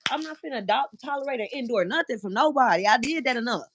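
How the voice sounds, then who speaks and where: Earnest woman with a higher voice. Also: lively intonation, fast talker, a bit bright, breathy edge. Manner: earnest, reflective storytelling. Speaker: podcast guest. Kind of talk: casual chat, storytelling.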